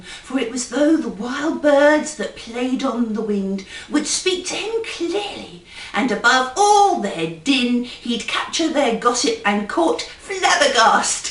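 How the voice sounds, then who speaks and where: A woman's voice: a little high, fairly bright tone. Playful woman reciting a rhyming tale. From England. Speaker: comedy poet and ventriloquist. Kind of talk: storytelling verse recitation. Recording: roomy, distant mic.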